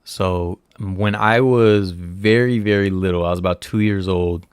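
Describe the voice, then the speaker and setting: Low, unhurried male host, self-mocking livestream chatter, dry close sound. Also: steady tone, smooth, no echo. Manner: rambling, self-mocking, talks to viewers while searching. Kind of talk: casual livestream chat.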